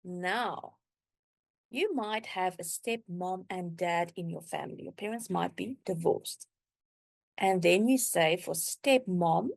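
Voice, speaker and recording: A woman teaching a beginner language lesson, drawing out words slowly and clearly for learners to repeat. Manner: slow, drawn-out modeling of words with lively pitch.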